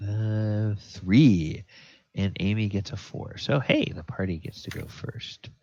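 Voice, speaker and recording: Deep slow-talking male game master. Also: expressive, a little mellow, no room sound. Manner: unhurried, thinks aloud with fillers. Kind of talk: running a tabletop game. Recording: dull lo-fi audio.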